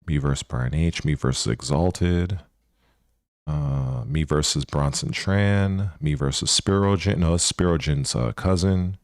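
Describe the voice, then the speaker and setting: A man with an extremely deep, gravelly voice mumbles slowly as he searches through old videos. The recording is close and dry, with no room sound. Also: a little mellow, no room sound. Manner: slow, mumbling, searching aloud. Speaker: channel host. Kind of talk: casual vlog commentary.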